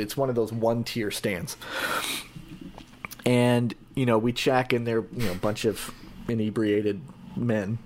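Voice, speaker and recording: Hesitant Canadian man telling travel stories. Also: mid-range voice. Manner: rambling, hesitant, many fillers and restarts. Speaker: podcast guest. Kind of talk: casual podcast chat.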